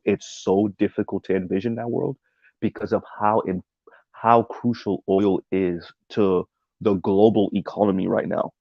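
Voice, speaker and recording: A low, gravelly-voiced male streamer reacts to a video essay in casual livestream commentary, reading chat aloud. His talk is loose and rambling, packed with "um" and "right?" tags, captured dry on a dull lo-fi mic.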